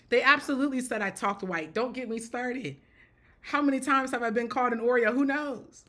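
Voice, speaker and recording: A woman's voice: fairly high pitch, moderate pace, pushed and bright. A woman giving casual spoken commentary in a blunt, joking way, often repeating herself and breaking into laughter. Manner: repeats and restarts phrases.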